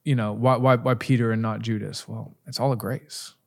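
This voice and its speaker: A man in middle age talks with a candid, lively storytelling manner, full of asides and quick turns. His voice sits at an ordinary middle pitch for a man, easygoing and conversational. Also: creaky. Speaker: podcast host. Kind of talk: casual conversational interview.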